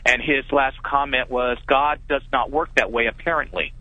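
A man's voice: medium pitch, fairly even intonation, normal speed, no echo. Hesitant man calling in by phone. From California. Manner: hesitant, many uh fillers. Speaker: caller. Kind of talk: call-in question. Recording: tinny phone line.

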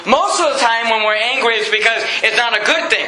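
High, bright-voiced preacher in an echoey church. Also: male voice. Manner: folksy preaching, reads scripture slowly, builds to loud emphatic peaks. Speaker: pastor. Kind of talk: sermon. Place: church sanctuary.

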